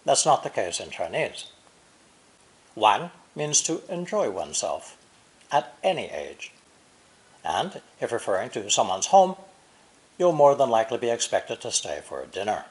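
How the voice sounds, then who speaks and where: Slow, very lively-voiced man teaching. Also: medium pitch. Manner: slow, deliberate explanations with Chinese example sentences. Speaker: language teacher. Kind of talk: recorded lesson narration.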